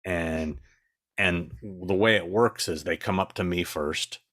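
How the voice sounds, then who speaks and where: A middle-aged man with a very low voice tells stories in a blunt, exasperated way. He is recorded close and dry, with no room sound. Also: slow, fairly bright tone, no echo. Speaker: guest. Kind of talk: casual anecdote telling.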